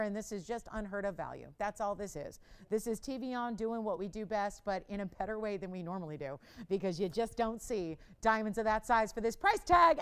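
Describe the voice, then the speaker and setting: A woman hosting a live shopping channel, chatting upbeat through a jewelry sales pitch and talking to operators and callers from a studio lapel mic. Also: clear, resonant tone. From Los Angeles. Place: television studio.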